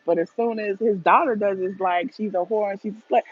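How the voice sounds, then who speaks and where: A gossip vlogger from Atlanta, USA, talks casually on a livestream, bluntly sharing opinions and reading viewer comments aloud as she answers live chat. Her medium-pitched voice stays steady and brisk with few pauses and a breathy edge, and the audio is narrow and tinny.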